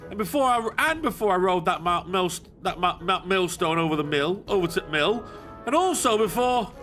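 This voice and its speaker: An overworked male farmhand pleads in a high, whiny voice, as a man reads game dialogue. His tone is bright and strained. He lists his grievances in a rising complaint. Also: animated, fairly quick, soft background music. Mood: pleading.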